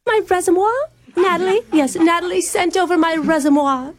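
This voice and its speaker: A radio host voicing a pompous fake-posh English woman in a prank call, with an affected, drawn-out way of talking. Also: extremely high pitch. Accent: put-on English.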